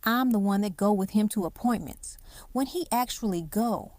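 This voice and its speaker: A woman voicing an anxious, heartbroken young man who speaks haltingly and rawly. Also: medium pitch, darkish tone, dry recording, lightly acted. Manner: halting, raw, speaks in dialect.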